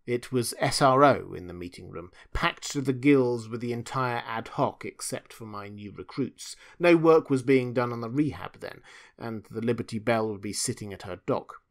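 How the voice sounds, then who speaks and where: A man's voice: medium pitch, normal speed. A man reading a novel aloud in first person as an audiobook narrator. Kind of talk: scripted narration.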